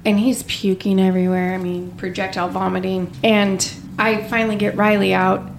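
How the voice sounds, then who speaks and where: A middle-aged woman co-hosting a podcast and recounting a story in a plain, blunt manner. She swears casually and keeps the telling straightforward, with a voice of ordinary pitch. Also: little pitch movement, moderate pace, vocal fry, a little hiss or hum. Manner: matter-of-fact, blunt, casually profane. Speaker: podcast co-host.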